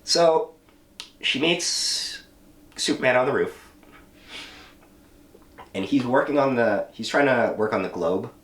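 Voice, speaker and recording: A man hosting a casual podcast, retelling a comic story in an animated, profane way with lots of fillers. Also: medium pitch, slow pace, pauses often. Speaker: podcast host. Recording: roomy room, mic at a distance.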